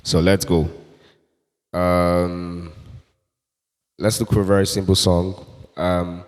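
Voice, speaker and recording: Slow, deep-voiced man teaching beat making. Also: flat delivery, long reverb tail, soft background music. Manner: slow, explanatory, repeats himself. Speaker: music tutorial host selling keyboard loops. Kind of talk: casual tutorial demonstration.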